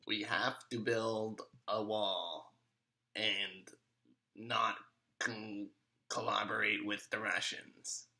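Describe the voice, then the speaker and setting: A man imitates a blustering older politician with slow, emphatic phrasing. The voice sits lower than his usual and comes out hushed and gravelly. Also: steady tone, exaggerated voice, rough recording.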